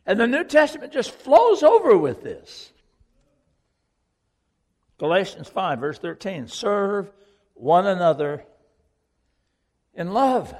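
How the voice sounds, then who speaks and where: A man's voice: high-pitched, very animated, slow, pauses often, a little mellow, long reverb tail. A man preaching a sermon to a congregation, earnest and questioning, repeating key lines for emphasis. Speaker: pastor.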